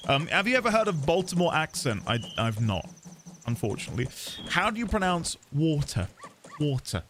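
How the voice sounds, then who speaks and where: A man's voice: fairly high pitch, sing-song, fairly quick, fairly bright tone, a little hiss or hum. Chatty man streaming a game. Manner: chatty, playful, laughs often, reads chat aloud. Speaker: livestreaming gamer. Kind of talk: casual live-stream chat.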